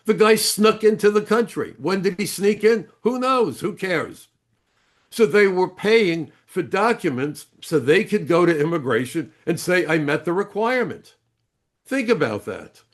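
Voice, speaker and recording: A man's voice: high-pitched, lively intonation, measured pace. An older man, a retired immigration agent, speaking as an interview guest with blunt, emphatic storytelling.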